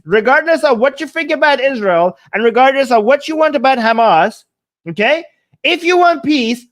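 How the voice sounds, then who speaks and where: A political commentator reacting to a debate clip, arguing emphatically with rhetorical questions and a mocking edge. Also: high-pitched.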